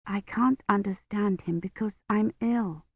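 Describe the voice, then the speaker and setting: A woman's voice: medium pitch, a little slow, breathy edge, dry recording. A woman reading an audiobook voices a young woman shivering with fever, her speech unsteady and pleading, recorded on tinny, dry phone-like audio. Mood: feverish worry. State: teeth chattering, feverish.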